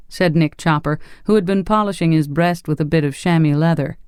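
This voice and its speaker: A narrator reads a classic fantasy story in a steady, even manner. The voice sits mid-range and the recording is dry and close. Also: medium pitch, fairly quick, hardly any pauses, clean tone, dry recording. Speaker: audiobook narrator. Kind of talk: scripted narration.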